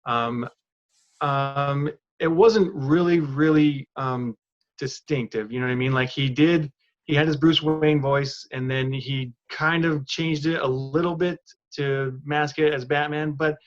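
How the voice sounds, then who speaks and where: A man's voice: on the high side, fairly even intonation, measured pace, muffled recording. A man co-hosting a podcast in a laid-back, casual way, hesitating with many fillers as he talks. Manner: laid-back, hesitant, often says "you know what I mean". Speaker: podcast co-host.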